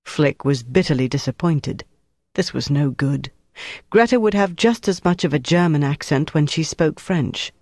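Brief: measured audiobook narrator, mid pitch, dry close studio sound. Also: animated, a little mellow, no echo. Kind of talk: scripted narration.

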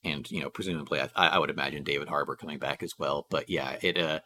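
A man co-hosting a podcast, chatting casually about a movie in a halting way, full of restarts and "uh"s. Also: very deep voice, fairly even intonation, pushed and bright. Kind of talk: casual movie discussion chat.

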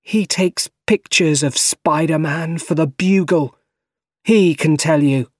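A man voicing a frightened, angry young man, pushing his voice high, loud and strained. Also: slow pace, no room sound, studio quality.

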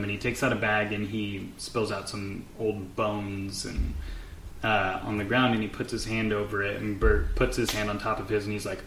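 Low-voiced man running a tabletop game. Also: flat delivery, normal speed, fairly bright tone. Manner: casual and loose, with many fillers. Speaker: game master. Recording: echoey room with faint noise.

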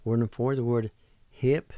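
A middle-aged man hosting a radio language lesson, spelling words letter by letter and sounding out each syllable slowly and deliberately. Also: medium pitch, level tone, mellow, no echo. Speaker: radio language teacher, show host.

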